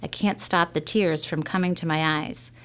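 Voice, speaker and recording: A woman reading a children's novel aloud in a measured first-person storytelling manner. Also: sits low, steady tone, a bit bright. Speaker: reader.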